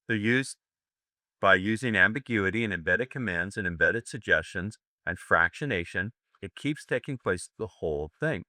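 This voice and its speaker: A man's voice: on the low side, bright, forceful tone, no room sound, clean studio sound. An older American man giving a live seminar lecture, brash and profane, joking with his audience. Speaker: seminar instructor.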